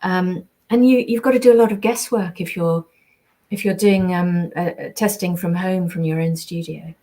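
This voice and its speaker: A woman's voice: lowish voice, fairly even intonation, normal speed, warm tone. A British woman, a voice actress, chatting casually on a live signing stream, reading out viewer comments and answering them. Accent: British English.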